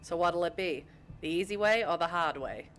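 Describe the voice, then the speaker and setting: A woman voicing a smug, gruff male vampire detective with a raspy tough-guy drawl, reading a narrative game aloud on stream. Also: lowish voice, steady tone, normal speed, a bit bright, a little hiss or hum, natural voice. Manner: tough-guy drawl with a put-on Boston accent.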